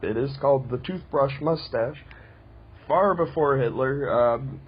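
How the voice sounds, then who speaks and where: A man's voice: mid-range voice, measured pace, husky, muffled recording. A man leaving a blunt, indignant voice message for a podcast. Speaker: listener voicemail caller. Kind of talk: recorded voice message.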